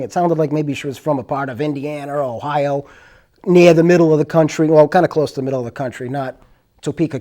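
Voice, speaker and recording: A man's voice: on the high side, a little mellow. A man hosting his own show, telling spooky stories in a rambling, earnest, conversational way. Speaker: host. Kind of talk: casual storytelling.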